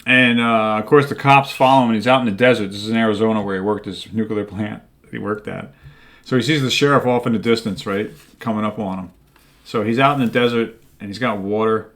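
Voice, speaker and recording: A man's voice: on the low side, steady tone, fairly quick, a bit bright. A man co-hosting a show, retelling comic book plots in a rambling, casual way that is full of "like" and "right?". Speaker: co-host.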